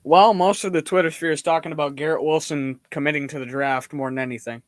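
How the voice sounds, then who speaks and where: Chatty sports-stream host, dry close sound. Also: male voice, fairly high pitch, fairly even intonation, fast talker, no room sound. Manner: laughs easily, talks through plays as they happen. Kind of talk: casual sports chat.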